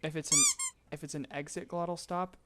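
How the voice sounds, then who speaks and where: A man explaining vocal tuning in a relaxed live-stream tutorial, chatting and laughing with his chat between explanations. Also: a little high, a little fast, very noisy. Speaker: streamer teaching voicebank tuning.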